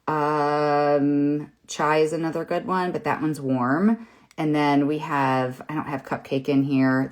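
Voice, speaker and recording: A woman in her fifties with a low voice talks through her makeup live on camera. She is chatty and encouraging and rambles with fillers. She speaks into a phone or webcam from her home. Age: 50s. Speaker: makeup seller and host. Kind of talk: live makeup tutorial, casual chat. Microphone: phone or webcam in front of her.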